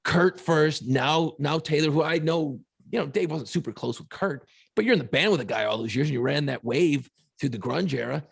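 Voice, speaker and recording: Middle-aged guy on a podcast, gravelly husky voice, swears a lot, acts out his own reactions. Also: on the high side, moderate pace, few pauses, no echo, studio quality. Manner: emotional, swears freely, tells stories with quoted reactions. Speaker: podcast co-host and radio host. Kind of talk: casual podcast chat.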